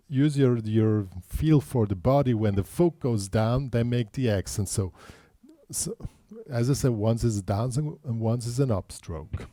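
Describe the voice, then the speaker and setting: A man's voice: mid-range voice, mellow, dry recording. A man teaching a guitar lesson, explaining patiently step by step and counting beats aloud.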